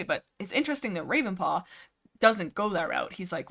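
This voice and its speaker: A woman's voice: lowish voice, sing-song, a little fast, gravelly, fairly bright tone, slightly rough. A young woman hosting a livestream, chatting casually about a book series in a rambling way, full of fillers, restarts and side comments. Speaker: livestream host.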